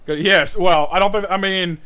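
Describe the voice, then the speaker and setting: A man's voice: high-pitched, steady tone, normal speed, pushed and bright, clean tone. A man in his thirties chatting casually on a live art stream, rambling and stammering with lots of fillers. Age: 30s.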